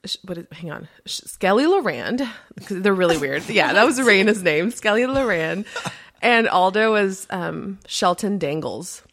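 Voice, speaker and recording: A woman's voice: mid-range voice, expressive, measured pace, fairly bright tone. Chatty woman podcast host. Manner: chatty storytelling with many fillers and laughs. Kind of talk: casual interview chat.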